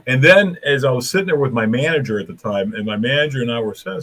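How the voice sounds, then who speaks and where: Man, show host, comedian, husky, mid pitch, animated storyteller. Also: brisk. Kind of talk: casual chat.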